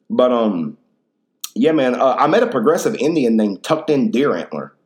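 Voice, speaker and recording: A man's voice: medium pitch, expressive, quick pace. Guy in his 30s doing a solo podcast, rambly, cussing a lot, slangy, regular mid voice. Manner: rambling, profane, slangy storytelling. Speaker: podcast host. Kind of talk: casual solo podcast monologue.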